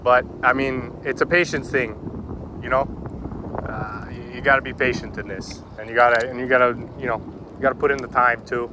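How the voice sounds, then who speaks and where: Out on a river bank with his line in the water, this man keeps up an informal, chatty vlog commentary, addressing his audience as "boys." He talks a little quickly in a medium-pitched, steady voice, and there's background noise throughout.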